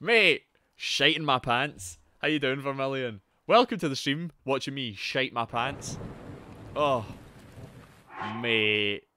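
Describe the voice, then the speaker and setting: A young man with a Geordie accent streaming a video game live, swearing, yelling and shouting out to his chat. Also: medium pitch, expressive, slow. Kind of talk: live gameplay commentary.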